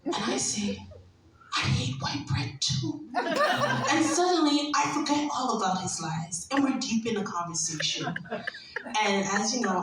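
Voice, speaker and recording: A brash young woman tells a stand-up story, animated and quick to laugh. Her voice sits at a middle pitch and rings out in a very echoey room. She sounds set back from the mic, with faint ambience behind her. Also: far from the mic, noisy background. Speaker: stand-up comedian. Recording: echoey room, heard from afar.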